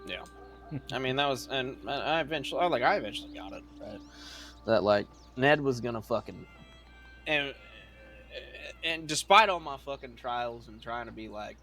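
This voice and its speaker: A young man in character in a western roleplay game, retelling events in a profane, animated storytelling manner. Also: medium pitch, normal speed, faint music behind.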